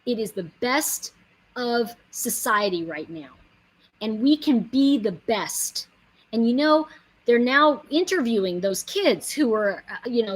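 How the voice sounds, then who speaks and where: An inspirational speaker delivers a casual motivational monologue, earnest and emphatic, wandering into many asides. Her voice is a little high, with lively intonation and an unhurried pace, on a rough recording.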